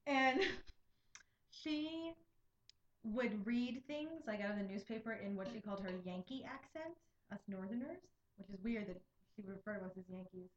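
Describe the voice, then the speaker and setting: A woman's voice: medium pitch, lively intonation, normal speed, echoey room, dull audio. Playful woman podcast co-host. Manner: playful, giggly banter. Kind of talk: casual chat. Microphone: close to the mic.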